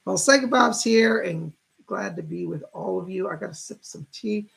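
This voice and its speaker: A man in his fifties hosting a casual psychic livestream, chatting warmly with viewers and greeting them by name. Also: high voice, normal speed, creaky, slightly rough. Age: 50s.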